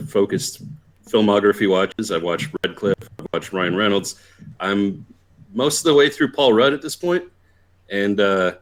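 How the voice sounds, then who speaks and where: A man co-hosting a podcast, talking casually and wryly about movies, with fillers. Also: on the low side. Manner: chatty, wry, rambling. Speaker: podcast co-host. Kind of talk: casual chat.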